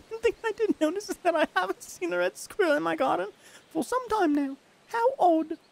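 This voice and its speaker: A streamer putting on a high prim English lady. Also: normal speed, creaky. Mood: genteel, chatty. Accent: put-on British. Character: prim genteel Englishwoman writing a letter.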